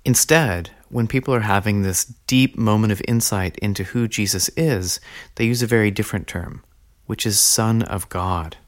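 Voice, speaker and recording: A man with a somewhat low voice hosts a scripted teaching podcast. His delivery is measured and earnest, and he slows down to stress the phrases that matter. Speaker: podcast host teaching on early Christianity.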